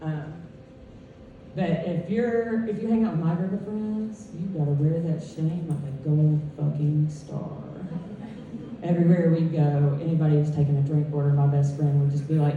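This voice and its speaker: A woman doing a stand-up comedy set, telling stories in a conversational way with deadpan punchlines. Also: low voice, normal speed, muffled recording, slight background noise. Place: comedy club stage. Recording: echoey club heard from far off. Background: audience laughter.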